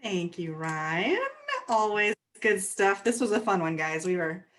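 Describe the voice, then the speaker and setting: A woman's voice: on the low side, unhurried, a bit bright. A woman co-hosting a live stream, cheerful and joking as she wraps up. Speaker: co-host.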